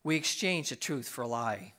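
A middle-aged man preaching a sermon, impassioned, swinging from loud, high emphasis to low, quiet tones and repeating words as he presses his points. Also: lively intonation, moderate pace.

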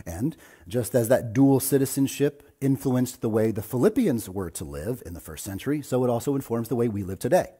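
A man's voice: mid-range voice, lively intonation, a little fast, warm tone, breathy edge. A man who is a pastor, delivering a sermon in an earnest preaching manner that builds to emphatic points.

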